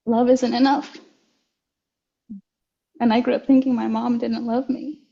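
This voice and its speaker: A young adult woman shares her life story as an interview guest, moving slowly and reflectively and often restarting her sentences. Her voice is mellow and stays fairly level in pitch. The recording sounds slightly dull and lo-fi. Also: flat delivery, vocal fry. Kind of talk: personal testimony in an interview.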